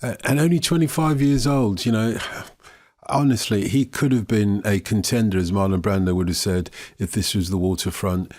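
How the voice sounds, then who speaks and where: A man's voice: lowish voice, normal speed, darkish tone, dry recording, clean studio sound. A man hosting a casual football podcast, easygoing and jokey as he reads listener questions. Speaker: podcast host.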